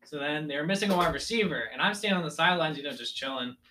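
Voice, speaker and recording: Young guy, bright tense voice, rambling story, puts on the coaches yelling. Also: fairly high pitch, animated, very fast. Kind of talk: casual storytelling chat.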